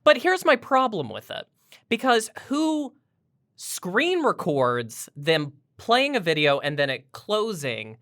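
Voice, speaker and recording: A woman hosting a casual podcast, tossing out teasing questions. Her voice is bright and animated, rising and falling freely. She sounds playful and quick to poke fun. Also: on the low side. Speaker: podcast host. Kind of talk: casual chat.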